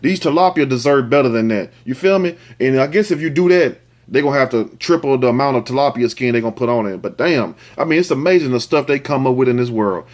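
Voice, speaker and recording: A man's voice: mid-range voice, expressive, fast. Man riffing crudely on a news story. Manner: crude, joking asides between reading news lines. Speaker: host. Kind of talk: comedic news commentary.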